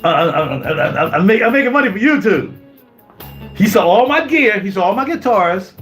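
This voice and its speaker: This live-stream rant comes from a YouTuber in his fifties broadcasting from a home music studio with soft music in the background. His high-pitched voice is very animated and a bit bright at a moderate pace, and he keeps repeating himself indignantly while posing rhetorical questions.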